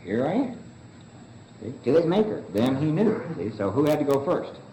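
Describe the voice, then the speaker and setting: A man teaches a recovery book study to a group in a meeting room. His voice is mellow and relaxed, and the recording is roomy and echoey with faint background hiss. He asks the group question after question and answers them himself. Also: medium pitch, brisk, muffled recording. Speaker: study leader. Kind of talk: Big Book study lecture.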